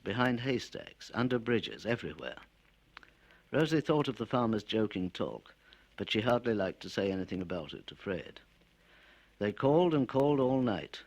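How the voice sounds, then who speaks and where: Man, storytelling narration, wry and measured, low husky voice, animated pitch. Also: low-quality recording. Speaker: author reading his stories. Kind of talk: storytelling reading.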